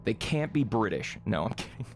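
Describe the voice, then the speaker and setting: A young man streams in a loose, rambling way, with a slightly low voice. He swears freely and laughs a lot while he answers chat. Soft music plays quietly behind him. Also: sing-song, moderate pace. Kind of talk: casual live-stream chat.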